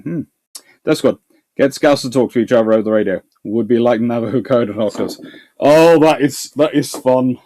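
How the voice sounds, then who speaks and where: A man's voice: medium pitch, normal speed, dark tone. A male history host answering viewer questions live, thinking aloud with restarts and repeated words. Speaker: naval history channel host.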